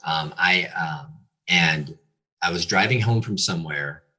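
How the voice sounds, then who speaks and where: A man with a low, slightly husky voice speaks as a guest pastor, telling his own hard story. His delivery is earnest and confessional, pressing forward with a forceful, bright edge while he stumbles over fillers and restarts. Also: a little slow. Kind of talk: candid personal testimony.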